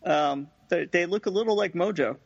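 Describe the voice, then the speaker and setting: A man's voice: high voice, moderate pace, creaky, slightly rough. A man chatting casually on a podcast with a wry, storytelling manner, on dull lo-fi audio. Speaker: podcast co-host. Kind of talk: casual chat.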